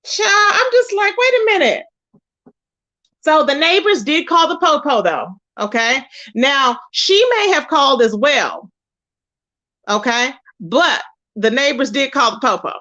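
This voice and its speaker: A woman with a high, bright, cutting voice hosts a casual livestream. She tells her stories with animated, exclamation-filled delivery. The stream audio sounds dull and lo-fi. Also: measured pace. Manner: animated, expressive storytelling with loud exclamations and laughter. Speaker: livestream host.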